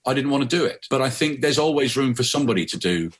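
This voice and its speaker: A middle-aged man from Birmingham, a guest author speaking in an animated, conversational interview. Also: mid-range voice, quick pace, breathy edge. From Birmingham, England. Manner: animated storyteller, repeats words.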